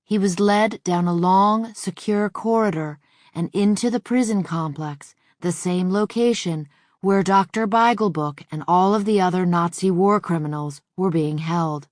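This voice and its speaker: A woman reading a nonfiction audiobook in a measured, even scripted narration. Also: on the low side, dry recording, clean studio sound.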